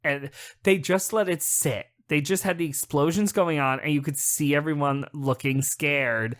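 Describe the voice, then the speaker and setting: A man co-hosting a casual podcast, who talks excitedly, swears freely and climbs to near-shouting when thrilled. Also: fairly high pitch, normal speed. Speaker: podcast co-host. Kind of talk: casual chat.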